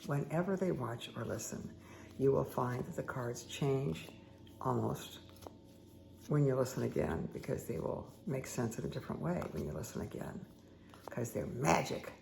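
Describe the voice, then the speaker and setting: A woman hosting a meditation and tarot session, talking casually with a croaky, dry-throated voice and rambling, friendly asides to her viewers at home. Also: rumbling low, lively intonation, normal speed, darkish tone, slight background noise. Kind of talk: casual chatty talk to viewers.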